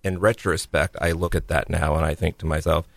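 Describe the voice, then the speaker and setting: A man co-hosting a podcast, speaking in a measured, reflective way with wry asides. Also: rumbling low, steady tone, gravelly, no room sound. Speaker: podcast co-host. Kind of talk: casual chat.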